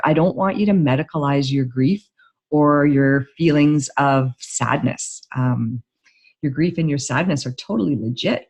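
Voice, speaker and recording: A woman grief therapist giving a casual, excitable talk to camera, full of "like" fillers. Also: extremely low pitch, slightly rough. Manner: chatty and excitable, many "like" fillers.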